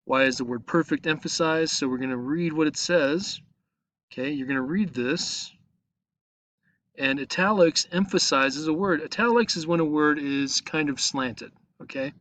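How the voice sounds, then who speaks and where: Talking through his screen at a computer, a patient male teacher records an online lesson walkthrough, explaining step by step with frequent "okay?". His voice is fairly high and a bit bright, at normal speed.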